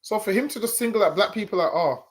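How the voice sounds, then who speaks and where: A man's voice: high voice, lively intonation, fast talker. A man co-hosting a reaction commentary, arguing his point with restarts and stammers. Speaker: co-host.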